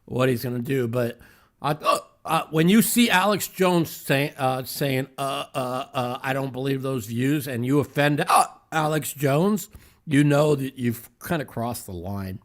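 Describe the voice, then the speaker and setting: A man hosting a podcast, chatting casually about politics, halting with many fillers while he has the hiccups. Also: medium pitch. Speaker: podcast host.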